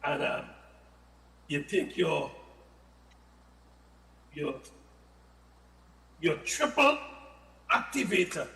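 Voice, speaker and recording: A man talks about health in a high, sharp-edged voice, animated and given to playful asides. He sounds echoey, with a long reverb trailing his words. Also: very slow, gravelly, pauses often. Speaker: health product guest. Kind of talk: casual radio-style health talk.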